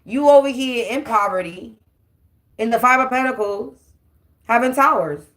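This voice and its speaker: A woman's voice: a little high, normal speed, a bit bright. A woman, giving a brash, profane, taunting spiritual tarot monologue. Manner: taunting, repetitive, defiant.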